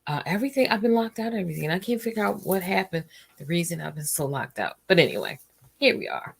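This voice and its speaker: A woman hosting a relaxed livestream at home, chatting casually with lots of fillers, tired and yawning. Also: lowish voice, fast talker, vocal fry, husky. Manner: rambling and chatty, trails off with fillers. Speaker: host of a relaxing stream.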